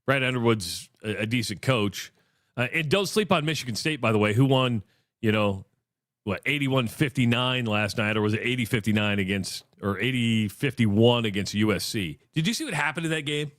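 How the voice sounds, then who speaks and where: On a casual sports radio show, a male co-host tells stories animatedly at a moderate pace, acting out other people's quotes with big jumps in pitch. The studio-quality recording is dry.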